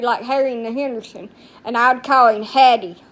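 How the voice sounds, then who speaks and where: A brash, crude-mouthed middle-aged woman with a high voice, chatting loosely on a live stream. She rambles from one thing to the next, quick to curse. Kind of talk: casual live-stream chat.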